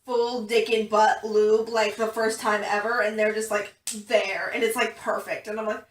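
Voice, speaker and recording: A woman's voice: mid-range voice, flat delivery, moderate pace, a little hiss or hum. A young woman telling stories to a friend in casual chat, swearing and laughing as she goes. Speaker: podcast co-host. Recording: echoey room, a bit far from the mic.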